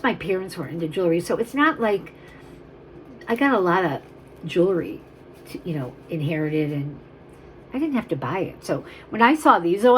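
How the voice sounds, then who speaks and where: A woman's voice: lowish voice, a little hiss or hum, low-quality recording. A woman selling vintage jewelry on camera, talking in a chatty, emotional way that wanders off on tangents. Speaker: jewelry seller. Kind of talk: rambling live sales chat.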